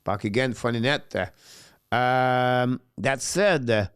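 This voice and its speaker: Man, French accent, live hockey stream host, halting speech full of ums and uhs, mid-range voice, dry close sound. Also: medium pitch, fairly bright tone, smooth, dry recording. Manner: halting, many filler sounds, reads out viewer questions. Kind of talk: live hockey watch-along chat.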